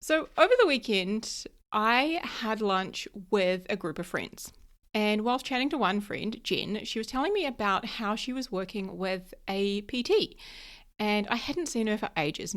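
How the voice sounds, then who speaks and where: A middle-aged woman hosting her own podcast, chatting casually and telling stories with lots of "like" and frequent laughs. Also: medium pitch. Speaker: podcast host. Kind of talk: casual solo podcast chat.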